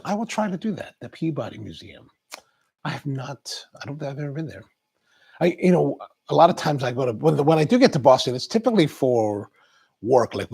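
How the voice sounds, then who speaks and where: Raspy chatty male coffee livestreamer. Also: medium pitch. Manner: rambling, chatty, answers viewer comments. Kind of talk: casual livestream chat.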